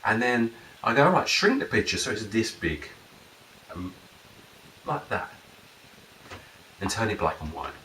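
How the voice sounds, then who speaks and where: A man's voice: lowish voice, very animated, unhurried, long pauses, pushed and bright. Rambling man in an echoey room. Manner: rambling, acts out client dialogue in raised voices. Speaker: NLP and hypnosis practitioner. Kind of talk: casual explanatory talk. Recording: roomy echo, mic at a distance, faint noise.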